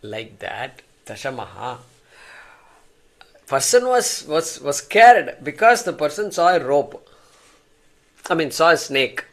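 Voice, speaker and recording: A man's voice: fairly high pitch, very animated, slow pace, long pauses. A man teaching a class, explaining with examples and often repeating words as he thinks. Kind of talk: class lecture.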